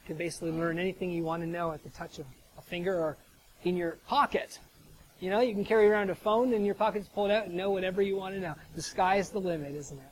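Fast-talking and steady in tone, this high-pitched American preacher gives a chatty, conversational sermon, often asking a rhetorical "right?" The poor audio carries slight background noise.

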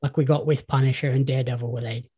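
Mellow-voiced Australian man chatting casually. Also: medium pitch, fairly even intonation, fast talker, husky, highs cut off. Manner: chatty, enthusiastic storyteller. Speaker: podcast host. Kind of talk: casual chat.

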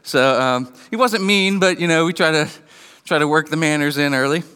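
A man's voice: fairly high pitch, normal speed, bright, forceful tone, clear, resonant tone. A man in his thirties giving a conversational sermon as pastor, joking and acting out little everyday scenes. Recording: long hall reverb.

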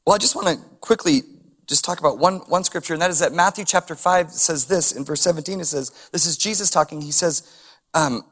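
A man's voice: on the high side, brisk, a bit bright, breathy edge. A man preaching a sermon as a pastor, reading scripture and adding casual chuckling asides and rhetorical questions.

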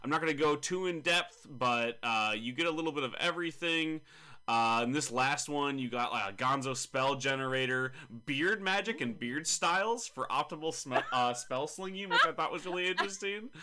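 Bright-voiced joking man. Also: on the high side, expressive, moderate pace. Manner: joking, mock-scolding, rambling with fillers. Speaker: podcast co-host. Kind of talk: casual chat about tabletop games.

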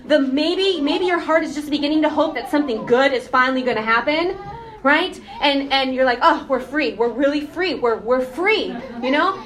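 A woman giving a casual, animated sermon, often asking the congregation questions. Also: fairly high pitch. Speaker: preacher.

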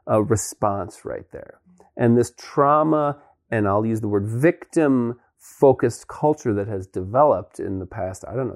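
A man's voice: mid-range voice, darkish tone. A man hosting a conversation, earnestly explaining his point with an example and many casual fillers. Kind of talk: conversational talk.

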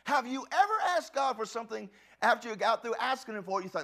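A male pastor preaching a sermon, swinging from hushed, quiet lines to fervent shouts, often repeating words and restarting sentences. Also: very high voice, quick pace.

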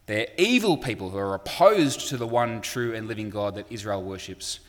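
A man's voice: fairly low pitch, animated, normal speed, long reverb tail. A man preaching a sermon in a conversational way, with frequent fillers and acted-out quotes.

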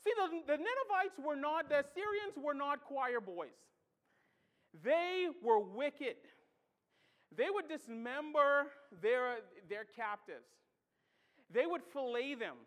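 Impassioned high-voiced preacher in a reverberant hall. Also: animated, takes it slowly, fairly bright tone. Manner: impassioned, emphatic rhetorical questions. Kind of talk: sermon.

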